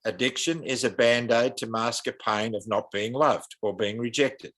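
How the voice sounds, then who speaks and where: Australian man, earnest, impassioned, preacherly, mid-pitched voice. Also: steady tone, moderate pace, fairly bright tone. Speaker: guest. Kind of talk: earnest podcast interview.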